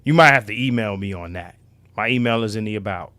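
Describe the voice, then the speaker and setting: A man hosting a casual livestream, loud and profane, now and then dropping to a low mutter. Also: fast talker, no room sound. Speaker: livestream host.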